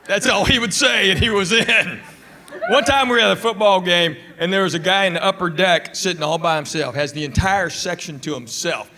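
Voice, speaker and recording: A man doing stand-up comedy, telling stories about his friends before a live audience and slipping into quick voices for them. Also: high-pitched, sharp tone.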